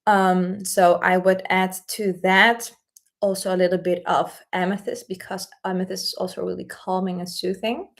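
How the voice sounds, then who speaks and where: A woman hosting a casual spell-craft tutorial, explaining things in a gentle, unhurried way. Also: on the low side, level tone. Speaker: spiritual content host.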